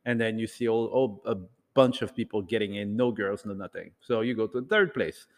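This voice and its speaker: A man telling a rambling, animated story to an audience in a casual talk, acting out bits of dialogue. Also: fairly low pitch, fairly quick, in a large hall. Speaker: speaker addressing an audience.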